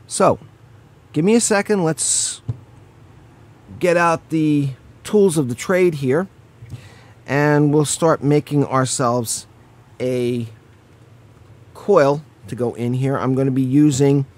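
A man's voice: on the high side, fairly even intonation, slow pace, pauses often, a little mellow. A man giving a casual hands-on product review, explaining each step in a chatty way and stopping now and then to apologize for slips.

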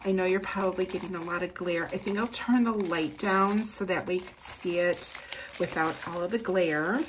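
A woman's voice: fairly low pitch, a little hiss or hum. A woman chatting casually through a planner unboxing at her desk, gushing over each piece. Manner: gushing, effusive, slow and lingering on praise. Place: indoors at a desk.

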